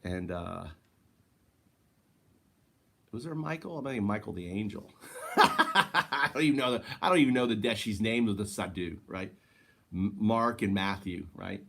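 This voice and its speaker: A man's voice: lowish voice, animated, unhurried, creaky, long pauses, bright, forceful tone. A man giving a rambling spiritual monologue, swearing and correcting himself as he goes. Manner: rambling, profane, self-correcting. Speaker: spiritual teacher.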